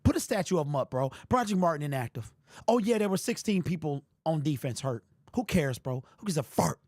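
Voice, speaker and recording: A man hosting a sports fan livestream, tired and emotional, his frustrated talk rising into shouted rants. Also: on the high side, expressive, fairly quick, dry recording, clean studio sound.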